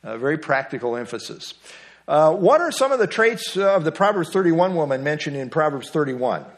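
A man's voice: a little high, big pitch swings, moderate pace. Man teaching a conversational Bible class. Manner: conversational, quizzes the class and jokes. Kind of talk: interactive Bible study lesson.

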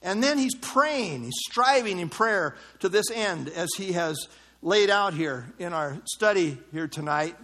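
A man with a notably high speaking voice preaches a sermon. He explains his text word by word, pausing on "uh" fillers. He breaks off into mocking asides. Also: expressive, pushed and bright. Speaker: pastor. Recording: evening service.

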